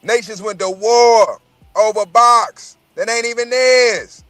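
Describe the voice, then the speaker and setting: A man's voice: very high voice, slow, a bit bright, no room sound. A man in casual chat, telling profane, rambling stories and repeating his words as he goes.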